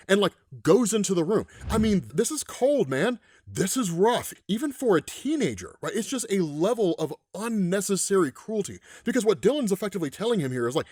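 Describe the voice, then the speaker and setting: A man hosting a casual comic-book recap, animated and ranting, who keeps checking in with "right?". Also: high voice, moderate pace, few pauses, husky, dry recording, clean studio sound.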